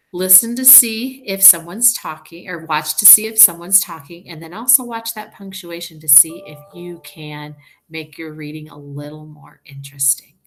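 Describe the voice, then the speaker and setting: A woman teacher leading a reading lesson for young children, talking slowly and clearly in an encouraging way. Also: low voice, fairly bright tone, slight background noise. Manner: slow, clear and encouraging, sounding out words.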